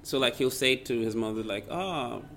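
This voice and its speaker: A man in his thirties from Sweden, a comic and radio host, chatting casually with wry, deadpan teasing. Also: mid-range voice, a little fast, slight background noise. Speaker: guest comedian and radio host. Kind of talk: casual chat.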